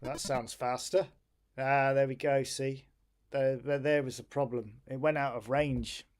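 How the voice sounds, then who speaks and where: A man's voice: mid-range voice, flat delivery, unhurried, a little hiss or hum. A tired man casually thinking aloud on a live stream while he waits on an old home computer to finish a job.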